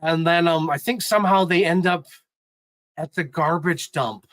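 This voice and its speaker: A man talks casually on a live stream with a bright, forceful tone, his voice sitting a little high. He rambles excitedly through story recaps and turns sentimental easily. The sound is dry and close. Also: moderate pace, no room sound, rough recording. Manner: sentimental, gets choked up.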